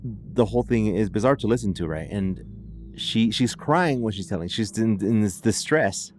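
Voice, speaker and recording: Faint music plays behind a podcast host whose lowish voice is expressive and moves at normal speed. Retelling a case in casual narration, he chats along with heavy use of "like" and frequent restarts.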